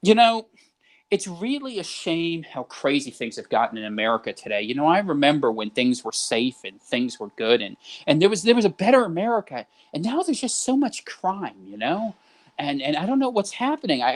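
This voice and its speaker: A man voicing a bewildered older male boomer who complains in a high, worried voice. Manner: high, worried, whiny delivery.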